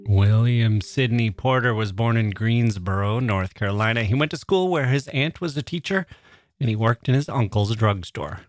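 A man's voice: medium pitch, expressive, normal speed, dry recording, faint music behind. A man hosting a literature podcast in a reflective, wry, conversational way, chuckling now and then. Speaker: podcast host.

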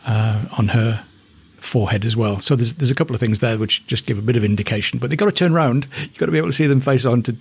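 Fast and with few pauses, a middle-aged man from northeast England speaks fondly about his alpacas, thinking out loud in casual commentary. His medium-pitched voice is gravelly and husky, recorded with no echo.

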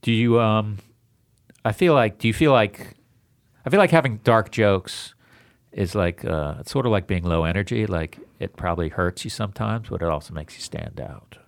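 A man hosting a podcast interview, chatting casually in a halting, rambling way and laughing often. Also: lowish voice, lively intonation, gravelly, dry recording. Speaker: podcast host.

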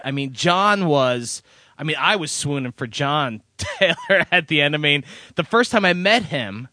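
Chatty music critic guy hosting, kinda high bright voice, dry room. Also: sing-song, a little slow, no room sound. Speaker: podcast host and music critic. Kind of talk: casual interview chat.

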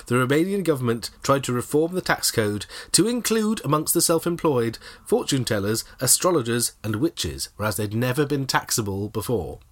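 A male comedy podcast co-host tells an odd story and keeps breaking into giggles. His pitch swings freely up and down as he talks. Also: lively intonation, moderate pace, few pauses. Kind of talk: comedic casual chat.

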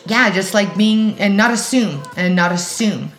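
A woman from Alberta chats as a podcast guest, animated and quick to act out the voices of people she quotes. Her talk is loose and full of fillers. The sound is roomy, with faint music underneath. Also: medium pitch. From Alberta, Canada. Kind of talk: casual conversation.

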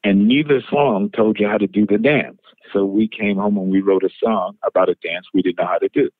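A male musician being interviewed, telling anecdotes in an animated way, laughing and acting out what people said. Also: on the low side, fairly quick, dry recording. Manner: animated storyteller, laughs, acts out quotes. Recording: tinny phone-like interview line.

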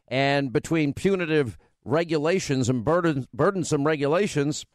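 A man hosting a talk radio show from a studio microphone, speaking briskly and emphatically and joking with his staff. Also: on the high side, dry recording.

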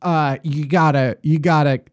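A woman's voice: sits low, steady tone, measured pace, darkish tone. A woman co-hosting a podcast, telling stories in a wry, profane, casual way. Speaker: podcast co-host. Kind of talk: casual chat.

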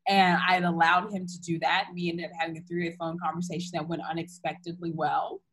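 A woman's voice: fairly low pitch, little pitch movement, fast talker, fairly bright tone, husky, rough recording. A young woman candidly retelling a personal story in casual chat, full of fillers and restarts.

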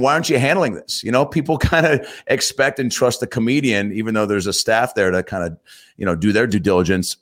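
A man, a comedian and actor, telling stories as a guest in a casual interview, acting out what people said. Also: fairly low pitch. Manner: animated storyteller, acts out quotes.

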